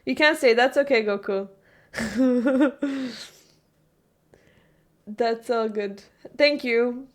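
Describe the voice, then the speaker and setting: A woman's voice: fairly high pitch, very slow, long pauses. A young woman streamer chatting casually with her live chat, rambling, correcting herself and laughing often.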